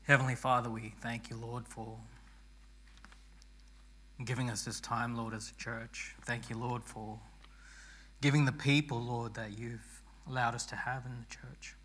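A man preaching a sermon as pastor, hoarse and losing his voice, earnest and rousing, often restarting his words. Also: mid-range voice, flat delivery, unhurried, long pauses, fairly bright tone.

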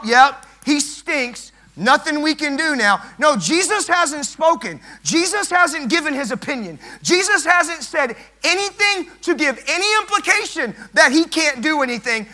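A man preaching an evening sermon, emphatic and repetitive, swelling loud and dropping soft. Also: very high voice.

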